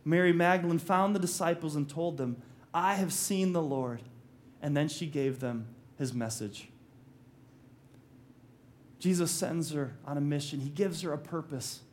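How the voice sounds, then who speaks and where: Man, pastor, sermon, high-pitched, animated, jokes and acted quotes. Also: a little slow.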